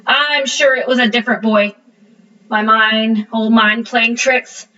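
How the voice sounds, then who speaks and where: A woman's voice: on the high side, steady tone, unhurried, bright, forceful tone, far from the mic, muffled recording. A woman voicing a sly, greedy old male shopkeeper who talks in a wheedling, muttering way, in a storybook reading.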